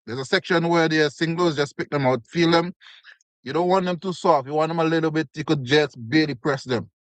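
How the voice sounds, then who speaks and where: A Canadian man hosts a casual live stream, eating while he chats with viewers, thanking them by name and reading their comments out. His voice is on the high side and a little fast, in a dry recording.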